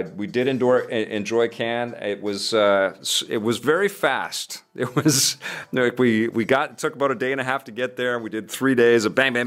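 Male gaming show host, lower voice, casual rambling reads of viewer comments. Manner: rambling, chatty, many fillers and restarts. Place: studio.

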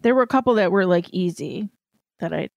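A woman's voice: fairly low pitch, expressive, brisk, creaky, a little mellow, no echo, muffled recording. A woman co-hosting a casual chat, easygoing and a little hesitant, with many fillers.

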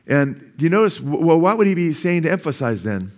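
A sixty-year-old pastor preaches a sermon at a church service, his voice on the high side, very animated and a little fast. He keeps putting questions to the congregation, waits for their answers, and repeats key phrases for emphasis.

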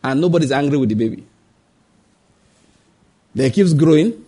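A man's voice: fairly high pitch, lively intonation, moderate pace, warm tone, breathy edge. A man preaching a sermon, asking the congregation rhetorical questions, acting out the voices in his stories and telling tales of his own family. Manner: acts out quoted voices. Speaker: pastor.

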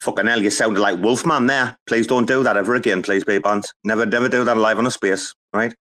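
A man's voice: on the low side, steady tone, a little fast, fairly bright tone. Swearing man hosting loose banter. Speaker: host. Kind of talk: casual chat.

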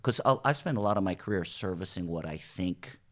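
A middle-aged man from New Jersey, a TV showrunner, telling animated stories in a podcast interview and acting out what people said. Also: low voice, brisk. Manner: animated anecdotes, acts out quoted voices, swears casually. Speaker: TV writer and showrunner, podcast guest. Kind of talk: casual storytelling interview.

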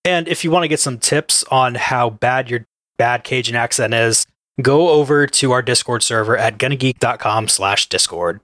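Bright-voiced joking male co-host. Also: mid-range voice, normal speed, no echo, studio quality. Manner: joking, easygoing. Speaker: podcast co-host. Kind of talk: casual podcast chat.

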